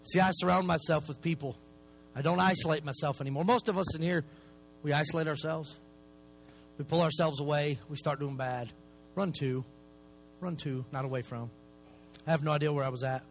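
A man, preaching fast and animated, joking at his own expense. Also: a little high, vocal fry, a little hiss or hum, poor audio. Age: 40s. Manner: fast-talking, self-deprecating, animated preaching. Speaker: recovery ministry speaker. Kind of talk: sermon.

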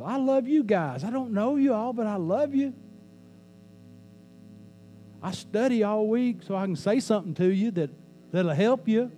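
A man delivering a church sermon, his voice fairly high yet mellow and warm. He talks to the congregation in a loose, joking way and repeats his key lines for emphasis. A faint hum sits under the recording. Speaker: pastor.

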